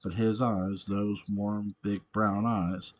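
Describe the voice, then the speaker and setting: A man reading a story aloud in a halting way, often stumbling over words. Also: fairly low pitch, little pitch movement. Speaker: reader of fan fiction. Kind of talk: amateur book reading.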